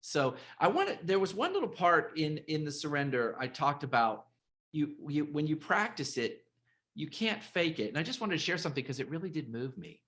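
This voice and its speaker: Host on a video call, stops and restarts a lot, voice swings up and down. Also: mid-range voice. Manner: halting, repeats words, emotional and animated. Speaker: podcast host and author. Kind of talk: casual interview conversation.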